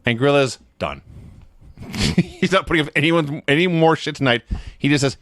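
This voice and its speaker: A man co-hosting a podcast, telling a story in a casual, animated way and acting out the quotes he tells. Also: on the high side, moderate pace, no room sound, clean studio sound. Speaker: podcast co-host. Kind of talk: casual recap chat.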